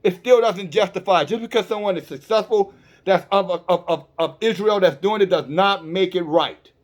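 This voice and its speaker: High-voiced man preaching emphatically. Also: normal speed. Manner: emphatic, with frequent stammered restarts; addresses listeners directly with rhetorical questions. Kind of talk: online sermon.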